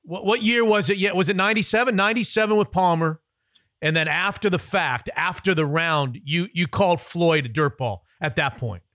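A man's voice: high voice, moderate pace, a bit bright, no echo, clean studio sound. A male podcast host chatting casually, laughing often and asking his guest follow-up questions. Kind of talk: casual interview chat.

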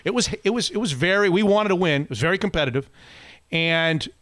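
A man's voice: high-pitched, a little fast, fairly bright tone, no room sound. A man co-hosting a podcast, telling a long story in casual chat and often restarting his sentences. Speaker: podcast co-host.

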